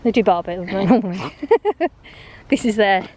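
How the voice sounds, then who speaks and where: A woman's voice: a little high, very animated, a little slow, long pauses, slight background noise. A woman vlogging while walking her dogs outdoors, chatting in a rambling way, laughing often and a little out of breath, filmed on a handheld phone. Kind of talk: rambling chatty vlog on a dog walk. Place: outdoors on a walk.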